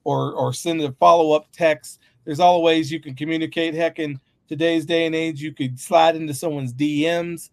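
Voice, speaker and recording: A man's voice: on the high side, fairly even intonation, normal speed, few pauses, dry recording. A man co-hosting a casual podcast chat, talking emphatically and riffing with humorous asides. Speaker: podcast co-host.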